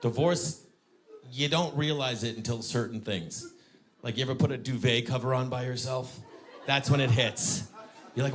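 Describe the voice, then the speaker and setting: A man's voice: medium pitch, steady tone, moderate pace. A man doing a stand-up comedy set, chatting with the audience and acting out scenes with exaggerated lines. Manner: banters with the audience.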